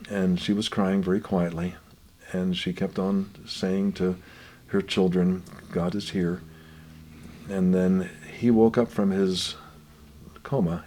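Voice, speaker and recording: An older man gently telling family stories in an unhurried, reflective way, his voice often dropping quiet. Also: low voice. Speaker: guest author.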